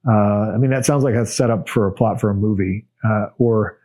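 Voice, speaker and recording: Low-voiced man, blunt and unhurried. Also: warm tone. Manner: plain, blunt and unhurried, with many fillers and restarts. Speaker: podcast host answering viewer questions. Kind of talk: casual solo Q&A monologue.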